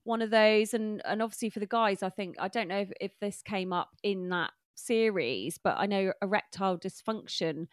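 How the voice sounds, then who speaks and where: A woman hosts a podcast in easy casual chat, full of fillers and quick laughs. Her voice sits at a middle pitch. The sound is close and dry. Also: dry recording. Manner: chatty, laughs often, many fillers. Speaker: podcast host.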